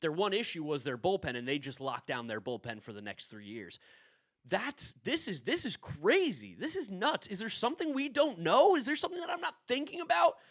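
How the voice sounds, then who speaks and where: A man giving an exasperated ranting reaction about a sports signing, swinging between shouting and low muttering. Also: sing-song, fairly quick. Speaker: sports vlogger.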